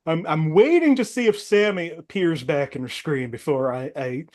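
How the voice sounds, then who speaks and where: A man with a fairly high voice hosts a movie quiz. He reads each clue out in a steady way and laughs along with his players. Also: normal speed. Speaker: game show host. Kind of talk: hosting a movie quiz game.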